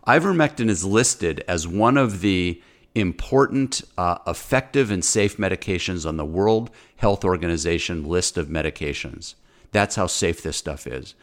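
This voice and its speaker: A deep-voiced man ranting with heated insistence on a talk show. He is a physician, and his speech is forceful and repetitive, with stumbles and restarts as he drives each point home. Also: animated, normal speed. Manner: angry, insistent, repeats words. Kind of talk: impassioned talk-show rant.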